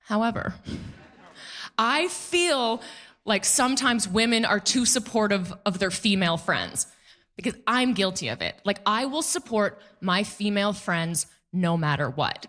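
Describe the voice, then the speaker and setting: On a comedy club stage, a woman in her thirties performs a stand-up set with a medium-pitched voice at normal speed. She's animated and acts out quotes using put-on voices.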